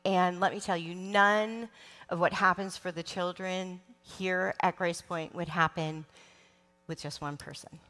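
Woman, middle-aged, children's ministry leader, slow earnest sermon, long hall reverb. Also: on the low side, steady tone. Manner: warm, emotional, slow and earnest with frequent ums. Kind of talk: church sermon. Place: large church sanctuary.

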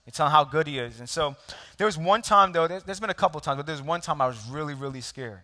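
A man's voice: a little high, lively intonation, fast talker, bright, forceful tone. A man preaching a sermon, telling a personal story with laughs and asides to the congregation. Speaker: pastor. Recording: long hall reverb.

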